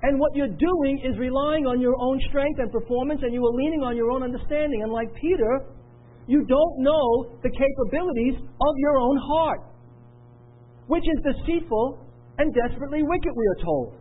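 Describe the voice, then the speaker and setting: A man's voice: very high voice, normal speed, phone-quality sound. A middle-aged man preaching a sermon with earnest, repetitive emphasis. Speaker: pastor.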